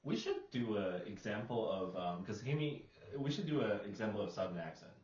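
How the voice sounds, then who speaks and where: Low guy co-host asking questions, roomy echo, muffled lo-fi sound. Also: animated, fairly quick, darkish tone. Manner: asks questions, prompts examples. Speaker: podcast co-host. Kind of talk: casual discussion. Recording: roomy, dull, slightly distant.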